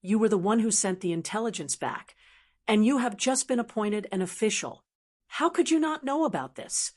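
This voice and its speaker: A woman's voice: medium pitch, expressive, normal speed, darkish tone, natural voice. A woman voicing a stern male commander who questions a captive coldly. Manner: cold, interrogating.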